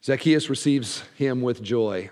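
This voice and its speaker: A man preaching a sermon as pastor, animated, his voice often dropping low at the ends of phrases. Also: unhurried. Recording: long hall reverb.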